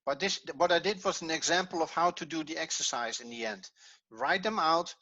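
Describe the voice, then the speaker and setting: Bright-voiced man teaching a class. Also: fairly high pitch, fairly quick, no echo, dull audio. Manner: patient, step-by-step explaining, thinks aloud. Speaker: Hebrew teacher. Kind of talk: evening class lesson.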